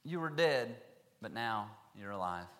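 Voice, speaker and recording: A man preaching a sermon, reading scripture aloud and then acting out the characters in lively voices. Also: fairly low pitch, a little slow.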